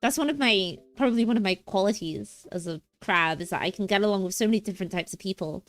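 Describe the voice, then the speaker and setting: A woman's voice: mid-range voice, fast, soft background music. A young woman streamer chatting casually and playfully, rambling and giggling between thoughts. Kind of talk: casual livestream chat.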